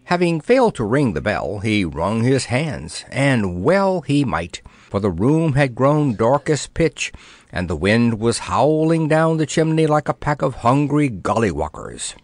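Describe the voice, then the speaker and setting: A man narrating a children's storybook in an expressive, playful way. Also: mid-range voice, measured pace, no echo. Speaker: audiobook narrator.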